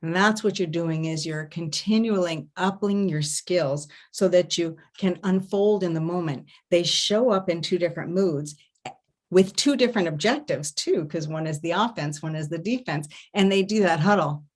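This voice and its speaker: Expressive woman coaching on intimacy. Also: fairly low pitch, normal speed. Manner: expressive, demonstrates sounds with hums and murmurs; animated storytelling, laughs often. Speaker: intimacy coach and festival presenter. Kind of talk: online workshop talk. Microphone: home setup, online stream.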